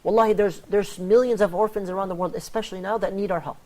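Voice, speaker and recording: A man hosting a religious panel talk on charity, telling stories in an animated way and acting out the quoted lines. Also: sits high, quick pace. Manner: animated storyteller, acts out quoted dialogue. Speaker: host.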